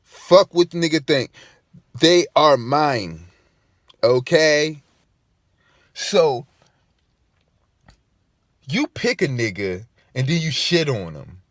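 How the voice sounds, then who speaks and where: A man talking straight to the camera in a fired-up monologue, his pitch a little high and swinging widely as he presses each point. He swears freely and circles back on the same phrases for emphasis. The sound is dry and close, with no room echo. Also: sing-song, slow, pauses often. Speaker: vlogger.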